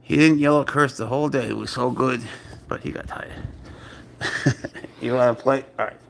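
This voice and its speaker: A man's voice: mid-range voice, steady tone, moderate pace, creaky, fairly bright tone, a little hiss or hum. A man hosting a casual live stream, talking playfully and coaxingly to his pet cat and calling it bro. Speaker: pet owner and channel host.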